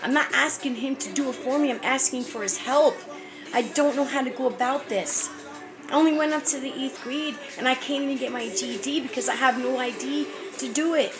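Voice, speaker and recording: A woman's voice: high-pitched, fairly quick. Pleading New woman. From New York. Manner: pleading, urgent, heartfelt. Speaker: mother appealing for help. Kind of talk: emotional personal appeal to camera. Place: homeless shelter. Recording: music clearly behind.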